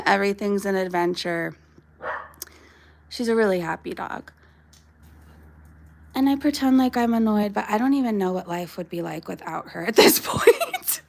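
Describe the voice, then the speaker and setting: A woman in her thirties livestreams from her backyard, chatting casually with her dog and her viewers and laughing often. Her voice is mid-range and gravelly, with a little hiss or hum on the audio.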